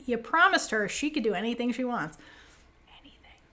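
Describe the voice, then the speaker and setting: A woman co-hosting a podcast, chatting casually and animatedly with lots of fillers as she recaps scenes. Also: a little high. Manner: animated, fast, many fillers, quotes characters. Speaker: podcast co-host.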